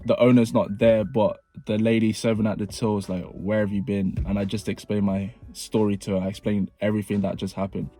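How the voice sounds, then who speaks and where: A young man telling a personal story in a casual vlog, animated and prone to repeating phrases for effect. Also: fairly low pitch, fairly quick, hardly any pauses, soft background music. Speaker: vlogger.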